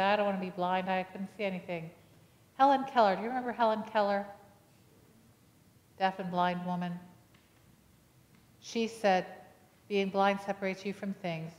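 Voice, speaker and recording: A woman pastor preaching a sermon, telling a personal story with acted-out dialogue and putting questions to the congregation. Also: on the low side. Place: church sanctuary. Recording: long reverb of a church hall.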